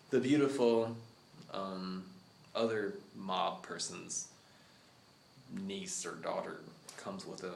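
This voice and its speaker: A man casually pitching a story idea in a studio, rambling, cursing and laughing often. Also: vocal fry, reverberant, slight background noise.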